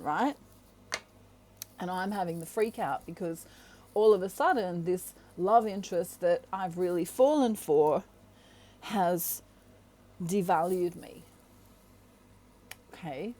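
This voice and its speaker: A woman with a mellow, relaxed voice, talking casually to the camera on her own channel. She is animated, laughs often, and acts out quoted voices as she explains. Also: fairly low pitch, slow pace, pauses often. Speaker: tarot reader and channel host.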